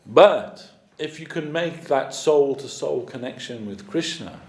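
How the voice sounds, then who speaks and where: A man's voice: mid-range voice, animated, a little slow, reverberant. A man giving a storytelling sermon as a spiritual teacher, conversational with many fillers. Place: temple hall.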